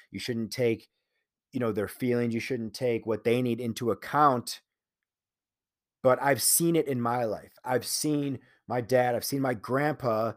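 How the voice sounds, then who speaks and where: A man's voice: mid-range voice, no room sound, studio quality. A man talking in a casual solo monologue, telling a candid, profane personal story and earnestly preaching about living life your own way. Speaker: solo speaker.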